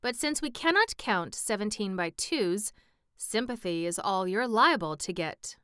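A kindly, sympathetic tin man with stiff fingers, read by a woman. The storybook delivery is measured and slightly raised, the voice smooth and resonant, and the recording is dry. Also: medium pitch, expressive, fairly bright tone, dry recording. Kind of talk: audiobook reading.

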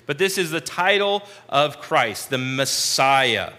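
Male Bible study teacher, slow and deliberate, bright tone, long hall reverb. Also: fairly high pitch, animated. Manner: slow, deliberate explaining with repeated phrases.

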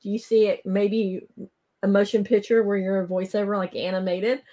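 A woman hosting a podcast who asks her guest eager, brisk questions in a casual interview. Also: medium pitch, level tone, warm tone. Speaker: podcast host.

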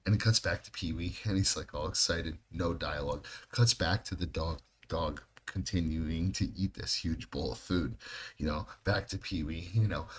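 A man co-hosting a podcast, telling rambling stories in casual chat, swearing heavily and laughing often. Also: low voice. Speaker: podcast co-host.

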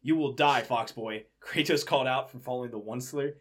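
A man's voice: medium pitch, a little fast, a bit bright, slightly rough. A young man with a mid-range voice reads a fan story aloud for comedy. He breaks in with wry, dry remarks about what the story says. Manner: wry commentary between read passages. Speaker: co-reader. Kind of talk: comedic dramatic reading.

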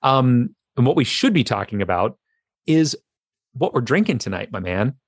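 A man's voice: medium pitch, sing-song, moderate pace, no room sound, studio quality. A man co-hosting a casual podcast, easygoing and chuckling as he chats with his friend. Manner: laid-back, chuckling storyteller. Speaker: podcast co-host. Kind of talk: casual chat.

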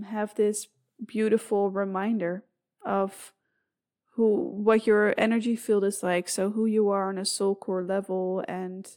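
Woman podcast host, mid-pitched, earnest and unscripted, drifting thoughts, frequent "um"s. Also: darkish tone. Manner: earnest, meandering, with frequent fillers and restarts. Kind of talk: solo podcast monologue.

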